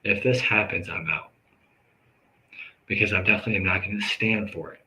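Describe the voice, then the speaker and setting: A man with a low voice hosts a live talk show, speaking earnestly and conversationally about grief and forgiveness. He breaks into sudden loud outbursts and quick asides, and the audio quality is poor.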